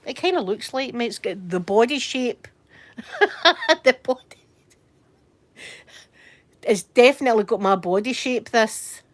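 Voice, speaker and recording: A woman's voice: a little high, animated, a little slow, pauses often. A Scottish woman chatting casually from bed during a livestream, telling rambling stories and answering viewer comments. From Scotland. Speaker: livestream host. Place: in bed at home.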